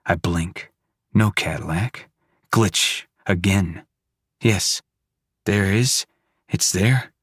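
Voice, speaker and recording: A man narrates a horror audiobook in a low voice and short, hushed fragments. He takes his time, letting each phrase land slowly. The recording is dry and close, with no room sound. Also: no echo.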